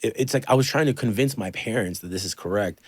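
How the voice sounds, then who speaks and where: A man with a very low, deep voice tells a story in a loose, casual style, dropping swear words and fillers as he goes. He's from the Toronto area and hosts a podcast. The sound is dry and close, with no room echo. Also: quick pace, slightly rough. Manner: loose and profane, with many fillers. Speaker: podcast host.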